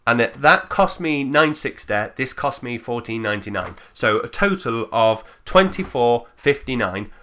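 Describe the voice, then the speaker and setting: A man talks straight to camera in an opinionated rant, blunt and full of swearing. His voice is bright and forceful, and his pitch leaps around a lot as he mocks other people's views. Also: animated, moderate pace, hardly any pauses. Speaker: channel host.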